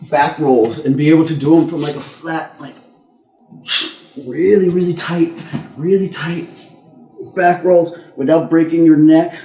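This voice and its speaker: A man's voice: a little high, darkish tone, echoey room. A man teaching jiu-jitsu escapes in a casual demo, often checking in with "okay?" and sometimes strained for breath while caught in a choke. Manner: casual, repeats words and says "okay?" often. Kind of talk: instructional technique demo. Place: training gym, indoors.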